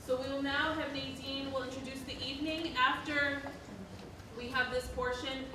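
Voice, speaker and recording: Woman organizer, slightly high voice, distant mic, heavy hall echo. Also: little pitch movement, normal speed. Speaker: event organizer. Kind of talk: announcements to an audience. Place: synagogue hall. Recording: distant, very echoey hall with noise.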